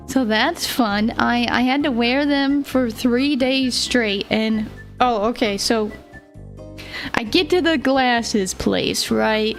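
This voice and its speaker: A young woman streamer with a somewhat high voice, rambling through a casual story at an unhurried, drawn-out pace. She giggles often between her thoughts, and faint music plays behind her. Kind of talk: casual livestream chat.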